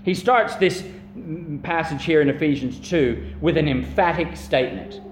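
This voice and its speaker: A man's voice: fairly high pitch, normal speed. A man preaching a sermon as a pastor, earnest and emphatic, repeating phrases and drawing out key words. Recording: echoey room with faint hum.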